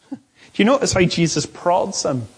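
A man preaching a sermon, repeating key phrases and stretching words out slowly for emphasis. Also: high voice, sing-song, breathy edge, poor audio. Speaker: pastor.

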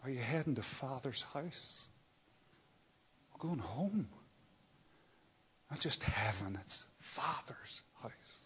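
A husky-voiced man delivers a slow, unhurried sermon. He sinks into near-whispers, then rises into loud, ringing exclamations. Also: medium pitch, expressive. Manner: dramatic swings from hushed whispers to loud cries. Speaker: preacher.

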